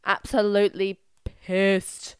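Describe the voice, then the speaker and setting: A woman's voice: mid-range voice, monotone, slow, smooth, no room sound, studio quality. A young woman with a nasal, stuffy voice from a cold, co-hosting a podcast in casual, giggly, rambling chat. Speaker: podcast co-host. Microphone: headphones and podcast mic.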